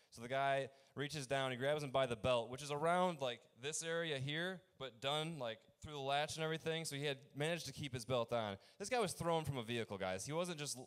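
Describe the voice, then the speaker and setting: A young man performing a rambling open mic stand-up set, halting often with fillers and restarts. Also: mid-range voice, fairly bright tone, clear, resonant tone.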